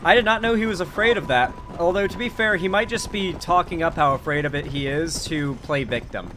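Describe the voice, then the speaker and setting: Casual gamer-commentator, Floridian man, slightly high pitch, loose and sweary, faint noise behind. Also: a little fast, fairly bright tone. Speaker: streamer and political commentator. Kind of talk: casual commentary while gaming.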